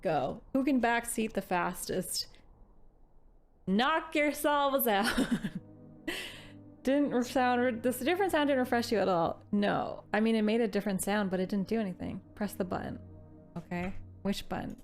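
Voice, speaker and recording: A woman's voice: a little high, measured pace, faint music behind. A chatty young woman from Canada streaming a video game live, talking to her chat and giggling. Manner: chatty, giggly, bursts into excited squeals.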